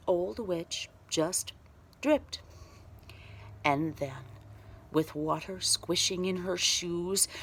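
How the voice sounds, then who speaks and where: A woman telling a children's story aloud, very expressive and dropping to a whisper at spooky moments. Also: on the low side, gravelly, husky.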